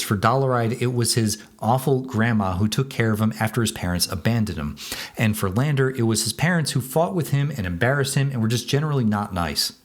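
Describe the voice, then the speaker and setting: A man reviewing and comparing a novel and its film adaptation in a casual, matter-of-fact way. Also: medium pitch. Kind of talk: scripted video commentary.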